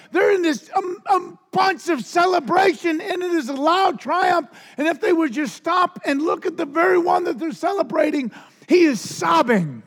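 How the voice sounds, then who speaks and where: A man preaching a sermon with passion, stumbling over restarts and swinging between hushed lows and near shouts. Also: animated, moderate pace. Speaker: pastor. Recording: loud music behind the voice.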